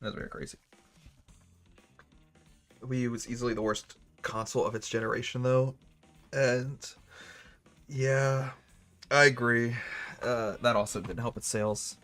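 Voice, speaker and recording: A man's voice: medium pitch, steady tone, normal speed, fairly bright tone, faint music behind. A young man streaming a video game live, rambling and joking sarcastically with his chat. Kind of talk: gaming livestream chat.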